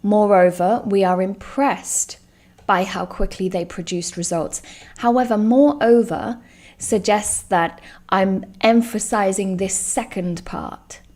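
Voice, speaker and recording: A woman teaching a live online English lesson, speaking clearly and stressing each example word. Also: mid-range voice, darkish tone. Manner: slow, clear and emphatic, stresses example words.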